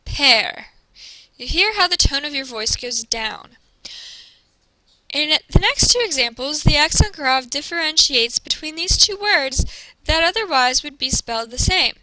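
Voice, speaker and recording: A woman teacher giving a recorded classroom presentation, explaining slowly and carefully and modeling each pronunciation. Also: high-pitched, lively intonation, sharp tone, dry recording, poor audio.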